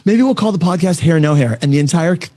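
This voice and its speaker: Fast-talking upbeat man hosting. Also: a little high, animated, darkish tone. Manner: fast, upbeat, enthusiastic storyteller. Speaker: podcast host. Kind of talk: casual panel chat.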